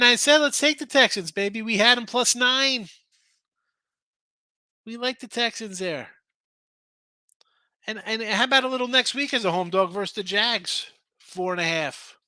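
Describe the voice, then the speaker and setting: Bright-voiced man ranting about betting lines. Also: fairly high pitch, no echo. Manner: loose, ranting, talks straight to the chat. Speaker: sports betting show host. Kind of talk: casual live-stream chat reading viewer comments.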